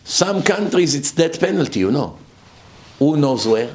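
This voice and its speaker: A man's voice: a little high, very animated, a little slow, a little hiss or hum. A man giving a sermon-style lecture as a rabbi, emphatic and full of rhetorical questions, with his voice swinging up and down for effect.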